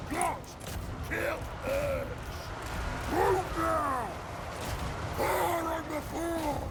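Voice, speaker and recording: A man's voice: very high voice, vocal fry, exaggerated voice. An actor voicing fierce, vengeful male dwarf soldiers who bark short battle cries and orders as game voice lines. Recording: loud game battle noise.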